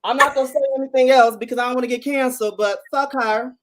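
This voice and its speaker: A man on a podcast panel, blunt and profane, talking in an animated, casual way. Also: very high-pitched, fast, heavy background noise.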